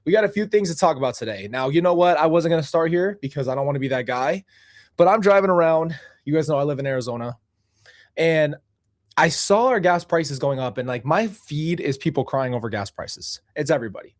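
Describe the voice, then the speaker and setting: A man's voice: fairly high pitch, a little fast, dry recording, clean studio sound. A man hosting his own livestream show, talking casually and animatedly to his viewers and joking with the chat as he vents. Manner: animated, chatty, complains playfully, talks to chat. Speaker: host.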